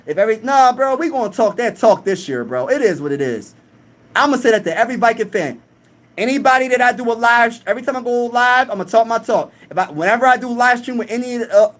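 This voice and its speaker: Young guy on a live stream, higher voice, reading chat, talking big and hyped. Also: a bit bright. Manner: hyped, boastful, reads chat comments aloud.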